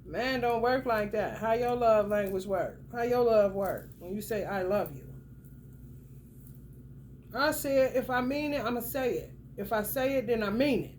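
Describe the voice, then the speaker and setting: Woman doing a tarot reading, kinda high voice, blunt and cussing a lot, talks right at you. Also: a little slow, darkish tone, slight background noise. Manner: blunt, profane and emphatic, talks straight to the viewer. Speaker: tarot reader. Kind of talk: casual tarot reading monologue.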